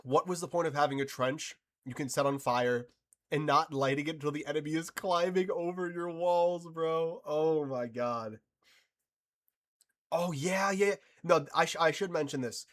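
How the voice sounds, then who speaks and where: A man's voice: on the high side, normal speed, fairly bright tone. A man giving casual reaction commentary on a TV episode, exasperated and swearing, often trying to compose himself after fits of laughter.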